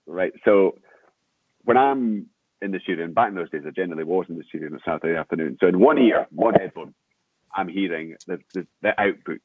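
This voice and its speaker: An older Scottish man, a veteran sports broadcaster, telling lively anecdotes in an interview with lots of restarts. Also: sits low, breathy edge, no echo. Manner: animated storyteller with frequent laughter and restarts. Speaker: guest, veteran radio sports presenter. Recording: tinny phone-like remote call.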